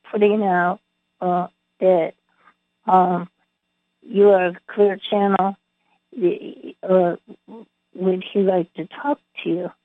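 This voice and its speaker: A woman channeling spiritual guidance, slow and halting, with many pauses and fillers. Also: medium pitch, no echo. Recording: tinny phone line.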